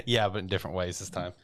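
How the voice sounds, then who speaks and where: A man's voice: sits low, fairly bright tone. A man casually recapping an anime episode on a podcast, rambling and swearing with frequent laughs. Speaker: podcast co-host. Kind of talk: casual anime review chat.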